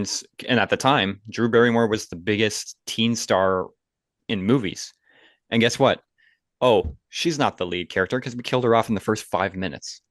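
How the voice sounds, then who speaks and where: A fairly low-voiced man co-hosts a casual movie podcast, eager and opinionated, often breaking into laughter. His voice sits dry and close on the mic, with no room sound. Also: dry recording. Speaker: podcast co-host.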